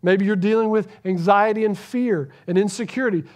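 A man preaching a sermon to a church congregation, earnest, swinging between loud emphasis and hushed, near-whispered lines. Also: sits high, brisk. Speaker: pastor.

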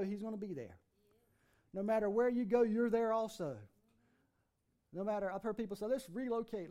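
Preaching a sermon in church, a male pastor with a high voice recites scripture and builds with rising emphasis. Then he drops low and quiet to drive a point home.

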